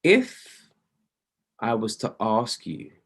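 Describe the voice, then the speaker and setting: A man's voice: on the low side, wildly swooping pitch, extremely slow, husky. A man coaching traders on an online group call, emphatic and preachy, hammering key phrases by repeating them. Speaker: trading mentor.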